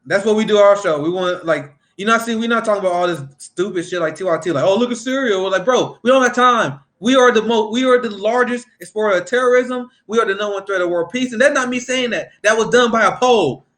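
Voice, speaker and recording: A man's voice: high voice, quick pace, hardly any pauses, fairly bright tone. A man hosting a casual political talk show, ranting heatedly and profanely and laughing often. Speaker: political commentary host.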